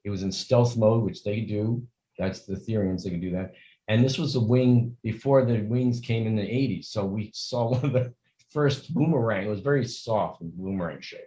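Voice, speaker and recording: A man's voice: lowish voice, normal speed, dark tone, low-quality recording. An older man speaking as an interview guest, talking earnestly in long, rambling stretches and acting out the greetings he quotes. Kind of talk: conversational interview.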